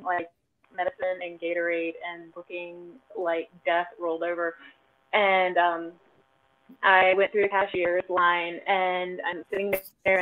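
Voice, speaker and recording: A woman guest in a casual chat, telling self-deprecating stories with lots of giggling. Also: fairly low pitch. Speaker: cosplay guest. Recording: tinny phone-like line.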